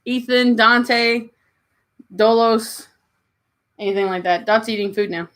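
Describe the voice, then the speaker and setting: On a casual livestream, a woman from Kentucky talks slowly in a voice on the high side, her Southern accent clear. She answers chat comments warmly and coos at her pets between remarks.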